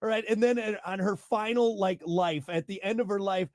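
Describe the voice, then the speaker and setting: A man hosting a casual podcast chat. He is animated, laughs often and trails off mid-sentence. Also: high-pitched, normal speed, no room sound, studio quality. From grew up on a farm. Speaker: show host.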